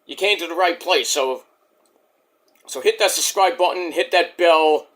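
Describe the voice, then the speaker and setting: A man's voice: a little high, a little slow, fairly bright tone. A man giving a brash, boastful, rambling spiel to open his own channel's video. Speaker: YouTuber.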